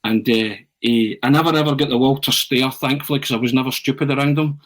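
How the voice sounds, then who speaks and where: A man telling a long, animated anecdote on a podcast. He restarts often and drops in "eh" between phrases. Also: medium pitch, fast talker, a little hiss or hum, poor audio. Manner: animated storyteller, frequent restarts and "eh". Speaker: podcast pundit.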